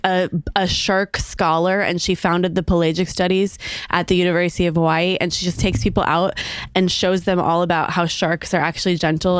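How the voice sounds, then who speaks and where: Smooth lower-voiced woman spinning anecdotes. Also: no echo, studio quality. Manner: enthusiastic, rambling anecdotes. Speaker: podcast guest. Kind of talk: casual chat.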